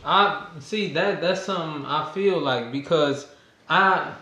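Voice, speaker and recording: A man's voice: fairly high pitch, takes it slowly, noisy background. A young man in his twenties chatting casually with loose, slangy talk and frequent restarts. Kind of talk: casual chat. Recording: echoey room.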